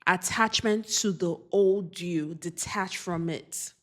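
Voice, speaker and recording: A woman doing a spiritual oracle card reading, speaking earnestly and repeating affirmations. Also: fairly low pitch. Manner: slow, repetitive, earnest affirmations.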